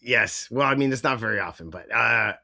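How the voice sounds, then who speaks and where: A man's voice: medium pitch, fairly quick, creaky, sharp tone. A young man co-hosting a wrestling podcast in casual chat, rambling with lots of fillers and casual swearing. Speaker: podcast co-host.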